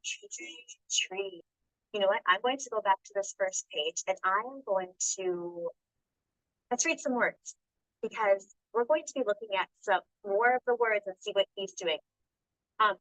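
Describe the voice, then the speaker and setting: A woman teacher reading a picture book aloud to young children in a classroom, asking them questions by name and slowing down to sound out the words. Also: fairly high pitch, a bit bright, no room sound, poor audio. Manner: coaxing, calls on children by name and asks questions.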